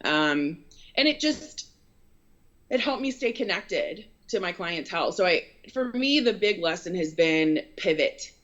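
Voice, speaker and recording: Earnest woman storyteller, lowish voice, rambling, dull lo-fi sound. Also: lively intonation, unhurried, fairly bright tone. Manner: earnest, rambling with many fillers. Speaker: photographer and business owner. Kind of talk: casual interview storytelling. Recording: dull lo-fi recording.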